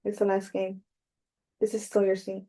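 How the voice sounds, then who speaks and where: A woman narrator plays a soft-spoken teenage boy, gentle and hurt. His murmured lines sit in a warm, mellow register with a flat, restrained melody. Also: mid-range voice, moderate pace, natural voice.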